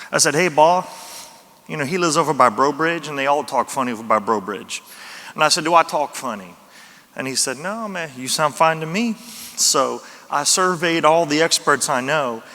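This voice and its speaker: A man's voice: mid-range voice, sharp tone. A man with a Louisiana accent giving a conference talk, folksy and self-deprecating. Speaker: conference speaker. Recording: reverberant hall.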